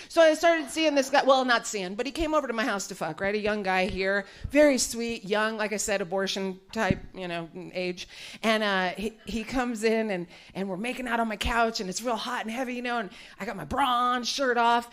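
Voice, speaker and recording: In a small warehouse studio venue, a woman does a brash, bawdy live stand-up set, frequently laughing as she delivers lines. She speaks at a normal speed in a mid-range, fairly bright voice.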